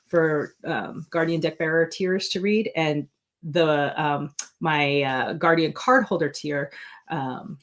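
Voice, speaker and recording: A middle-aged woman with a slightly low voice talks casually to her viewers as host of her own channel. She rambles, restarts and fills pauses with ums, earnest and excited about her work. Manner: chatty, rambling, with many fillers and restarts; earnest and excited, laughing at herself. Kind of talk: casual live chat to viewers.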